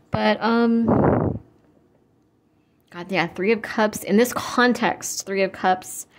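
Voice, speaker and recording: A young woman giving a casual tarot reading, chatty and full of fillers, blunt and quick to swear. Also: on the low side. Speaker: tarot reader.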